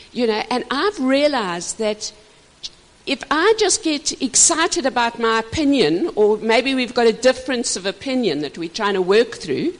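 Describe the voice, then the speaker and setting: Expressive older woman, lively pitch, echoing hall. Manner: expressive and passionate, laughing often. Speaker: minister teaching couples. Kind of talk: couples teaching session. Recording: reverberant hall.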